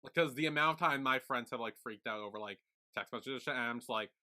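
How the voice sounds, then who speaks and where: A podcast co-host in casual chat, retelling scenes with drawn-out fillers, some swearing and laughter. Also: mid-range voice, bright, forceful tone.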